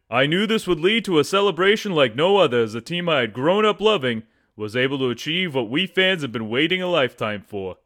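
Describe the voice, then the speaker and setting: A man's voice: a little high, fairly bright tone. A man with a put-on New Jersey accent, reading a comic story aloud in a dramatic storytelling manner.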